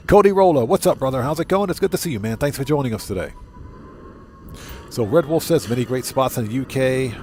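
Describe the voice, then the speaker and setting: A man's voice: medium pitch, darkish tone, a little hiss or hum. A man livestreaming a video game, chatting casually with viewers and repeating himself for emphasis. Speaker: streamer.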